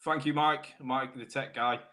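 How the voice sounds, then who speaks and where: A British man, a car technician, hosting a live stream, chatting casually with viewers by name while clearing a sore throat. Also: medium pitch, fairly even intonation, unhurried, bright, forceful tone. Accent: British English. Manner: chatty, matey banter, greets viewers by name. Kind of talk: casual live-stream chat reading comments.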